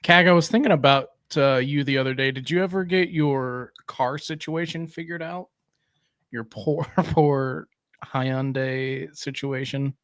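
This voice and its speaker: A man's voice: fairly high pitch, normal speed, a bit bright, no echo, studio quality. A man co-hosting a casual live stream, playful and throwing in joking asides. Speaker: livestream co-host.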